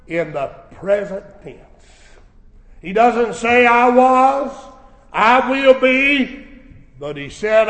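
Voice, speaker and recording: A man preaching a sermon, swelling into shouted emphasis, recorded in a church sanctuary. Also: extremely high pitch, expressive, takes it slowly, long pauses. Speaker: pastor. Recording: echoey church hall.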